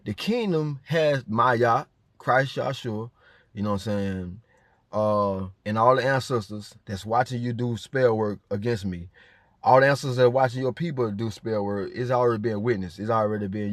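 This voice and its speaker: A man's voice: fairly low pitch, dry recording, clean studio sound. A man delivering a confrontational spiritual rant. He is defiant and profane, and he keeps repeating rhetorical check-ins to his listeners. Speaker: vlogger.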